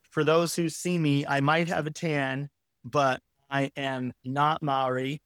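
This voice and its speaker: Man, 40s, interview guest, candid storyteller, swears casually, somewhat high voice, dry close sound. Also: takes it slowly, no echo. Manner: frank, animated, casually profane.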